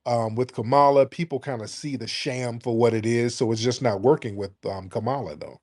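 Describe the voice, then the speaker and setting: A brash male host from the United States takes calls and rants. He swears freely and hammers his points home with emphasis, in a mid-pitched voice. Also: steady tone, fairly quick, darkish tone. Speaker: radio show host. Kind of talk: call-in talk show.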